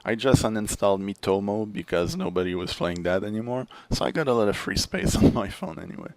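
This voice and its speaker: A young French-Canadian man talks in a casual podcast chat, his low voice gravelly with fry. He tells stories with a lot of swing in his pitch and laughs easily. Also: a little fast, background noise. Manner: animated storyteller, laughs easily. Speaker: podcast guest.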